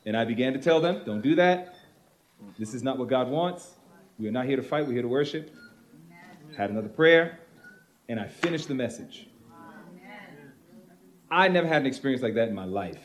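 A pastor tells a story from his ministry during a panel Q and A. He speaks in a mid-pitched voice that rises and falls a great deal, acting out the voices of the people in his story. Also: lively intonation, moderate pace, long pauses.

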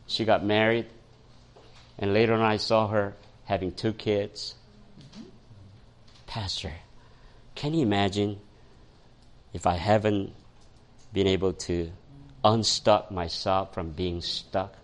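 Man, pastor, lively sermon, raises voice then goes soft, chuckles. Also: lowish voice, takes it slowly, pauses often. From Korea. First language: Korean. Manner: animated, swings from raised voice to soft storytelling; quotes people in the story, chuckles often. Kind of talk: sermon with storytelling.

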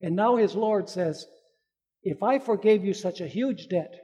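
High-voiced preacher in a reverberant hall. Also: male voice, a little slow, mellow, breathy edge. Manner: asks the congregation questions and answers them himself; acts out the people in the parable with changing voices. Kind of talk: sermon. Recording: long reverb of a large hall.

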